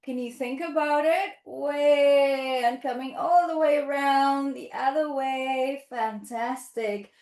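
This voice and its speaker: A woman's voice: sits high, takes it slowly, few pauses, darkish tone. A woman leading a toddler yoga class in a sing-song, encouraging way, with playful animal sounds. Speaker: children's yoga teacher. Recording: echoey room.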